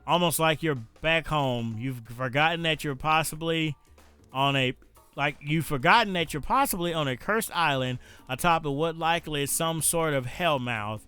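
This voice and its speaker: A male streamer reads a dating game's narration aloud, breaking in with playful jokes. His voice sits on the higher side and comes through smooth and clean. Faint music plays underneath. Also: normal speed, bright, forceful tone. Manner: playful, joking asides. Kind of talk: let's-play reading game text aloud with jokes.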